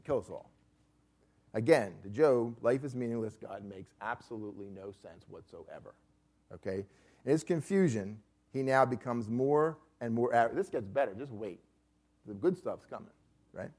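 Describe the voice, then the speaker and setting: A man's voice: mid-range voice, animated, normal speed, darkish tone, husky. A man teaching a Bible study class, emphatic and repeatedly checking in with his listeners.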